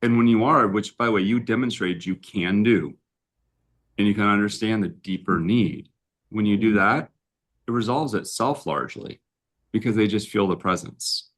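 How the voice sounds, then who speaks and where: A man's voice: lowish voice, normal speed. A man hosting a relationship talk, telling stories casually and often checking in with "right?". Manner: storytelling, often tags lines with "right?". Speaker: relationship coach and host. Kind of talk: casual conversation. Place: live-streamed talk.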